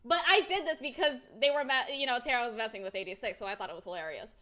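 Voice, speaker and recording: A woman streamer chatting casually on a livestream, telling a story in an animated, rambling way and swearing freely. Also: a little high, very fast.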